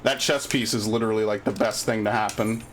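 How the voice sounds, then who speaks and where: A man's voice: fairly low pitch, fairly even intonation, fairly quick, a little hiss or hum. A man streaming a game live, commenting as he plays, swearing freely and griping sarcastically about his bad luck. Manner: profane, easily frustrated, sarcastic.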